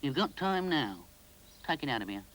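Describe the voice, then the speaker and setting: A gruff male train guard who scolds loudly, voiced by a man reading a storybook. He grumbles and lays down the rules. His voice is blunt and commanding. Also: medium pitch, very animated, moderate pace, a little hiss or hum, pitched above the performer's own voice, poor audio. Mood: scolding.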